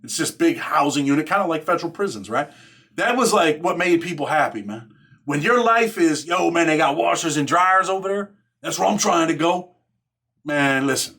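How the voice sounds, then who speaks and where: A man's voice: on the high side, fairly bright tone. A middle-aged man telling a jailhouse story in street slang, filling his talk with "man" and "right?". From Rochester, New York. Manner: streetwise slang, constant "man" and "right?", acts out others' lines. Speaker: podcast host telling prison stories. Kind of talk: casual storytelling monologue.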